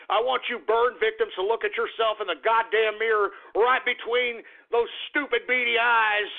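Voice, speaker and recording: Ranting high-voiced radio host, man. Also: creaky. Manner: abrasive, profane, shouting insults. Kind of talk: ranting radio talk show. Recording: phone-like lo-fi radio sound.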